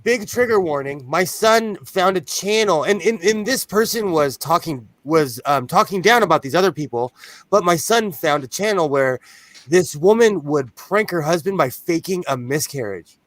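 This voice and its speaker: A man's voice: on the high side, animated, normal speed, fairly bright tone, dry recording. A man chatting casually on a podcast, telling rambling, self-mocking stories full of restarts. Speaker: podcast panelist. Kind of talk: casual chat.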